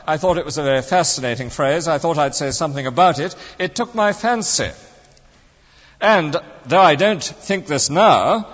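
A male preacher delivers a sermon in a chatty, dryly humorous manner, stressing particular words to make his point. His voice sits a touch high for a man. The sound is dull and lo-fi, with a long reverb trailing through the church. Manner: conversational, wry, leans on emphasis.

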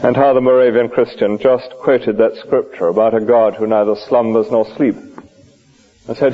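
A man's voice: medium pitch, normal speed. A man preaching a sermon at a lunch hour church service, asking his listeners question after question. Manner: lively, questioning preaching with rhetorical asides. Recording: dull lo-fi old recording.

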